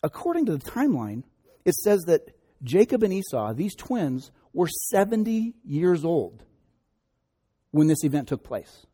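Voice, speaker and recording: A man's voice: on the high side, sing-song, a little slow, dark tone, husky. A man preaching a sermon, retelling a scripture story conversationally with joking asides. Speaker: pastor.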